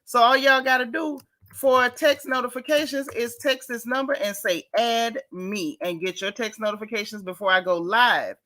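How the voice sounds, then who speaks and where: A woman with a bright, pushed, rather high voice hosts a gossip livestream. She chats away, greeting viewers by name and stretching out repeated phrases in casual stream talk.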